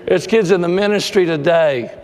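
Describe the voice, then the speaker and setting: A man preaching a sermon and telling a story. He shifts between loud, emphatic lines and hushed, slow passages. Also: high-pitched, crowd noise. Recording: long reverb of a large hall.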